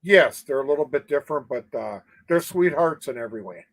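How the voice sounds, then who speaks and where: A man calling into a casual chat, speaking hesitantly with many pauses and fillers. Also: medium pitch, lively intonation. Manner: hesitant, halting, many uh's. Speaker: caller.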